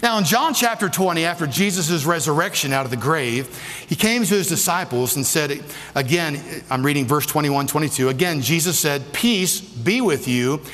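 A man's voice: fairly high pitch, a little fast, a bit bright, soft background music. A man preaching a sermon as pastor, emphatic and repeating questions to the congregation. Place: church. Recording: long hall reverb.

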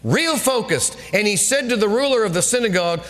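Emphatic older preacher, high voice. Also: male voice, expressive, fairly quick, few pauses, in a large hall. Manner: emphatic, repetitive, rising to shouts. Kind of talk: sermon.

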